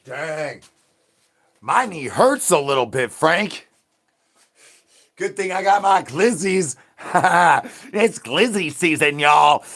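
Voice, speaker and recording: A man live streaming in a goofy zombie persona, rambling with sing-song rhymes and yelling at his chat. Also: on the high side, expressive, takes it slowly, gravelly. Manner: silly rhyming and sing-song wordplay.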